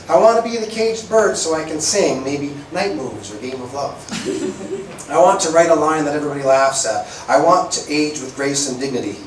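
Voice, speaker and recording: A man's voice: fairly high pitch, background noise. A man performing a spoken-word poem with a wry, rhythmic delivery at a live open-mic venue. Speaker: performance poet. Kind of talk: spoken-word poetry reading. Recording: echoey room, far from mic.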